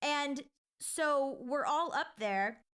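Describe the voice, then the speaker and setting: A woman's voice: high-pitched, expressive, slow pace, fairly bright tone. A woman telling a personal ghost story in a chatty, casual way, full of filler likes and restarts.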